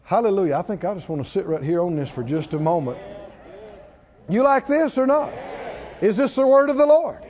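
A man preaching a sermon, calling on the congregation to answer back and building up to shouts. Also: high voice, expressive, a little fast, slight background noise. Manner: call-and-response, coaxing the congregation, rising to shouts. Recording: dull sound with long hall reverb.

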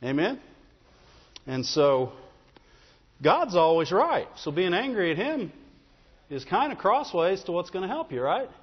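A man's voice: high-pitched, big pitch swings, a little slow, pauses often, husky. A man preaching a sermon as pastor, talking in a conversational way and often checking in with the congregation. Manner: conversational, repeats "Amen?" and "Right?". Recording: dull, with long hall reverb.

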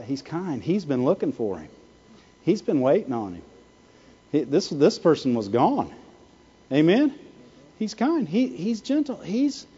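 A male pastor preaches with a high, lively voice that leaps up and down as he keeps asking the congregation for an "Amen." His tone is mellow and warm rather than sharp. The recording sounds a little dull and muffled. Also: slightly rough. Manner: animated preaching, repeated "Amen?" and "Why?" to the congregation. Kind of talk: sermon.

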